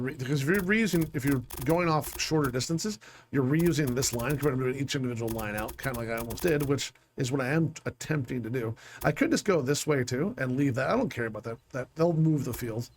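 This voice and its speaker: Narrating his own gameplay a little fast, a let's play gamer with an average-pitched voice thinks aloud and talks himself through each choice. His casual commentary sounds scattered and annoyed, with mild swearing over a faint background hiss.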